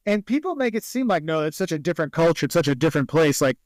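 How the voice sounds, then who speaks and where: Man, podcast guest, high-pitched, rapid, lively storyteller, dry room. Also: no echo. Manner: animated storyteller, acting out quoted people. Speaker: travel video creator, guest. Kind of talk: casual podcast interview.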